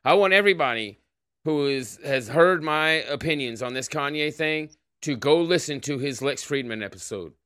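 A man's voice: fairly high pitch, expressive, normal speed, a bit bright, dry recording, studio quality. A man hosting a casual livestream podcast, greeting chatters by name and rambling in a profane, offhand way. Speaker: podcast host.

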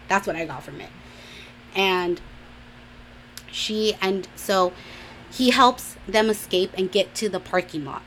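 A woman's voice: fairly low pitch, fairly bright tone, slight background noise. A young woman from a Mexican-American home, casually retelling a drama episode in a gossipy way, full of fillers and acted-out quotes. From Mexican-American household. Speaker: drama recap vlogger. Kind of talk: casual chatty drama recap.

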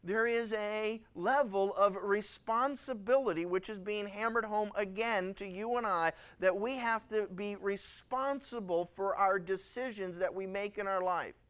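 A male pastor preaching a sermon, acting out scenes in lively, dramatic voices. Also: high-pitched, a little slow, hardly any pauses, clear, resonant tone. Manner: animated, acts out dialogue.

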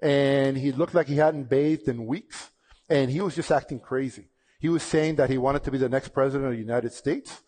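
Man telling a lively personal testimony. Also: mid-range voice. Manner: lively, conversational retelling with repeated "and, and" restarts. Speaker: speaker sharing a personal testimony. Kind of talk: casual storytelling testimony.

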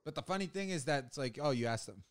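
A man's voice: fairly high pitch, animated, fast talker. Rambling, swearing young man on a podcast. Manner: rambling, profane, many restarts and fillers. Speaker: podcast co-host. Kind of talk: casual chat.

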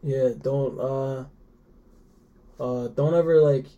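A man's voice: medium pitch, fairly even intonation, mellow, dull audio. A young man, a podcast guest, talking casually with many fillers and restarts. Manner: halting, many fillers and restarts, laughs often.

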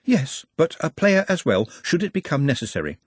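A man voicing a calm, polite young male coach who speaks quietly. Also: fairly high pitch, normal speed, breathy edge, no echo, pitched above the performer's own voice.

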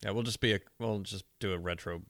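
A man's voice: on the low side, steady tone, quick pace, a bit bright, no echo. A man co-hosting a podcast in laid-back, joking chat, often tripping over his words. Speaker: podcast co-host. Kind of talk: casual chat.

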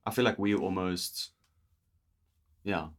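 A man's voice: deep voice, slow pace. A young man with a South African accent, hosting a casual podcast chat, talking loosely and laughing often. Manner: chatty, laughs often, restarts sentences. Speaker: podcast host.

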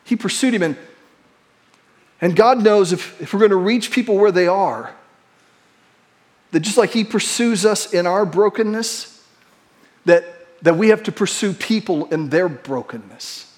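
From the pulpit, a pastor with a high-pitched voice preaches a sermon, racing through quick asides before slowing and dropping to a hush for emphasis. He calls out lines for the congregation to repeat back in call-and-response.

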